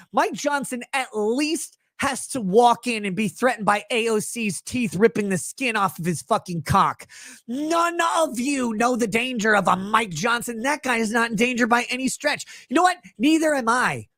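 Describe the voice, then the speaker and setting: A man hosting a reaction show, ranting angrily and mockingly, swinging between shouts and mutters. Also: extremely high pitch, dry recording, studio quality. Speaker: host reacting to clips. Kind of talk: profane reaction rant.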